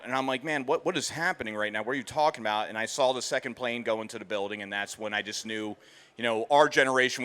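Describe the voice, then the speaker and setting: A man's voice: medium pitch, pushed and bright, clean tone. A man in his forties from outside Philadelphia, telling a personal story to an audience in a casual, conversational way. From outside Philadelphia, USA. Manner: casual storytelling, quotes others in dialogue. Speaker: featured speaker, veteran. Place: expo hall stage.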